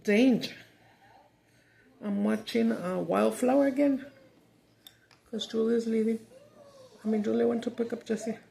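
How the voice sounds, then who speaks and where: A woman's voice: on the high side, steady tone, a little slow, gravelly, pauses often, dark tone. A middle-aged woman chatting casually while eating, cussing in frustration and mixing Spanish with English. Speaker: mukbang vlogger. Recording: roomy echo.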